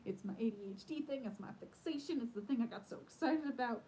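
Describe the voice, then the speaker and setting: A woman talks casually to viewers on a live stream from her home. Her voice is mellow and warm, and she rambles along with plenty of fillers, sounding off the cuff. A faint rumble hums in the background. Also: lively intonation, fast, rough recording. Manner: rambling and chatty, many fillers. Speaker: homesteader hosting a live stream. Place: at home in the evening.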